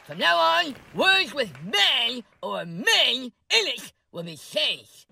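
Guy doing a giggly bossy older woman, super bright, pitch jumping around. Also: sing-song, slow, gravelly, exaggerated voice. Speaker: parody impression of a politician.

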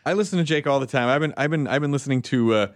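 A man hosting a podcast, trading playful comedic banter and laughing easily with his co-hosts. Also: mid-range voice. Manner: playful, quick to laugh, animated. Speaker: podcast host.

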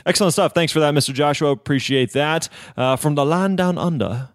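A man's voice: fairly high pitch, brisk, few pauses, dry recording, studio quality. A man hosting a podcast, wrapping up an episode in an upbeat, encouraging, conversational way with frequent fillers. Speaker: podcast host. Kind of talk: casual podcast wrap-up.

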